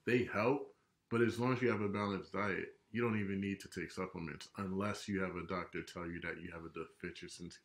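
A man guesting on a casual podcast, easygoing, who chimes in with short questions and laid-back advice. His voice sits very low. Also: brisk. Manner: relaxed, asks short questions. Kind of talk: casual chat.

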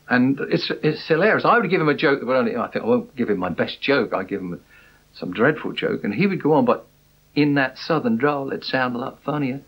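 A man's voice: medium pitch, lo-fi sound. Chatty laughing man telling anecdotes. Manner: chatty, laughing, animated storyteller. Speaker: interviewee, comedian on the tour bill. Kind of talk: anecdotal interview.

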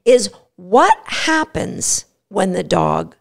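A woman's voice: mid-range voice, sing-song, drawn-out words, vocal fry. A woman hosting a podcast on dog training, talking emphatically and acting out what dogs say. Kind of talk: podcast monologue.

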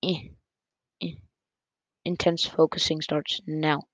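A gaming YouTuber giving casual, excitable play-by-play commentary on a close mic that picks up breathing, with quick self-corrections. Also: mid-range voice, no room sound. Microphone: close desk mic picking up breath. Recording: dull lo-fi dry sound.

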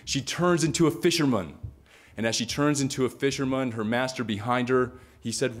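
Brief: male speaker telling stories dramatically, middle pitch, lots of repetition. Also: normal speed. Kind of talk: storytelling talk.

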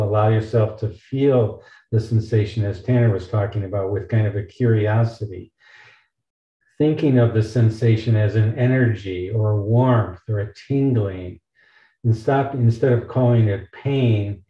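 A man who is a physician, explaining pain therapy patiently on an online panel, with gentle, caring examples. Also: fairly low pitch, echoey room, dull audio.

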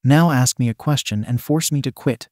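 A man's voice: medium pitch, normal speed, darkish tone, no echo, studio quality, natural voice. A man voicing a determined teenage boy training to be a hero, speaking firmly and matter-of-factly.

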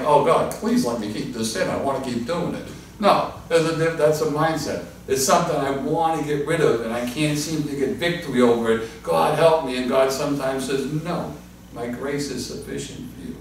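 A male pastor teaching a Bible study in earnest, restarting and repeating phrases, dropping lower and softer when he quotes God. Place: church hall. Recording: echoey church room from a distant mic, faint noise.

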